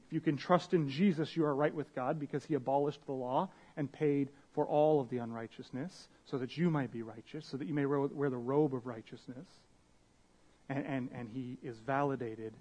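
A young man delivers a sermon in a loose, conversational style, slipping into slang and restarting his sentences as he reads and explains scripture. His voice sits a little higher than most men's. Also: darkish tone. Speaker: pastor.

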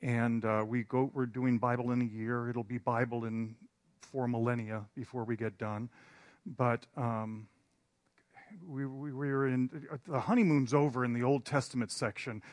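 A man's voice: medium pitch, level tone, moderate pace, dry recording. A man preaching in a storytelling style, rambling and self-deprecating, with hesitant restarts. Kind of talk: storytelling sermon.

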